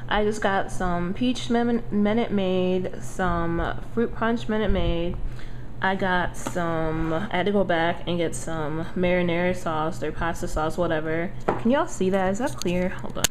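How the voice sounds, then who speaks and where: A woman's voice: lowish voice, measured pace, noisy background. A young adult woman chatting casually to her viewers in a home cooking vlog, repeatedly calling them y'all. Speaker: vlogger. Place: at home, cooking in the kitchen and living room.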